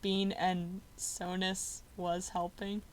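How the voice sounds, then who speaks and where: A woman's voice: fairly low pitch, level tone, slow, heavy background noise. A woman narrating as game master, casual and hesitant with many fillers. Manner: casual, hesitant, laughing often.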